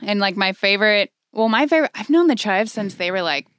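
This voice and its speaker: A woman's voice: medium pitch, lively intonation, fairly quick, fairly bright tone, clean tone, dry recording, studio quality. A woman co-hosting a podcast, rambling through casual stories with laughs and free swearing. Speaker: podcast co-host. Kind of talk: casual chat.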